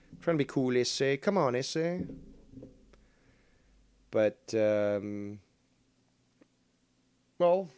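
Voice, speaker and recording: A man hosting a casual call-in livestream, rambling and sarcastic, cursing at his software. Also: mid-range voice, dry recording. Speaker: livestream host.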